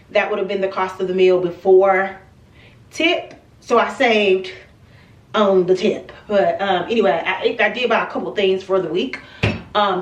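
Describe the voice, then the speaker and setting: In a casual home vlog, a chatty woman speaks directly to her viewers in a middle-pitched voice. The camera sits some way off, so the distant mic gives a lo-fi sound that echoes around the room.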